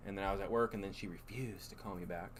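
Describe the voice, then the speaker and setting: A man's voice: sits low, fairly even intonation, fast talker, a little hiss or hum. A man co-hosting a casual live stream from home, chatty and teasing. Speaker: co-host.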